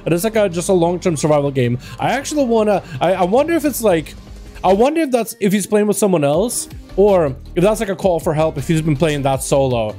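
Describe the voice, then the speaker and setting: A young man hosts a casual gaming livestream, rambling and joking with his chat. His voice sits fairly high but has a mellow, soft tone. Faint music plays behind him. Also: expressive, fairly quick. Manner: chatty, rambling, jokey, talks to chat. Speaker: livestream host. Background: faint background music.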